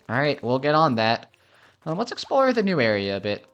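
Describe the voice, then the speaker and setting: Easygoing male let's play host, animated pitch, casual chatter. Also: moderate pace. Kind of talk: casual game commentary.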